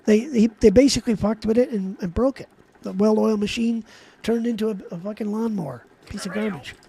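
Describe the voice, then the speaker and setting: Live-streaming on a desk mic while gaming, a man delivers a heated, profane rant to his chat, rambling with frequent restarts. His high voice is gravelly, dark and slightly rough, and he talks fairly quickly.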